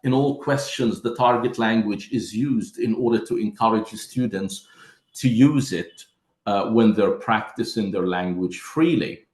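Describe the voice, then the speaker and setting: A man's voice: fairly low pitch, unhurried, darkish tone, echoey room. A man giving a lesson to teachers, explaining step by step and calling his listeners "my friends". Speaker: teacher trainer.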